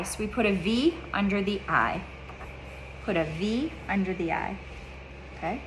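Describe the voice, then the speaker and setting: A woman's voice: medium pitch, expressive, unhurried, pauses often, background noise. A woman teaching a child reading in a one-on-one lesson, patient, repeating her questions and checking in with "okay?".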